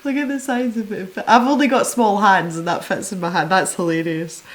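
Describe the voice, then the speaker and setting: A woman's voice: mid-range voice, fairly even intonation, normal speed. Giggly chatty woman unboxing art supplies. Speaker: art supply channel host. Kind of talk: casual unboxing chat.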